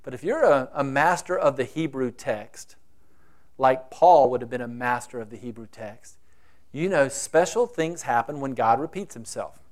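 A man's voice: mid-range voice, lively intonation, normal speed. A man preaching a sermon, acting out the quoted voices with dramatic shifts. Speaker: pastor.

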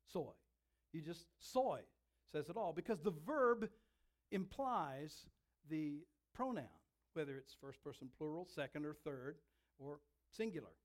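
A man preaching a sermon, telling a scene with dramatic, emphatic delivery and slowed, stressed words. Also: a little high.

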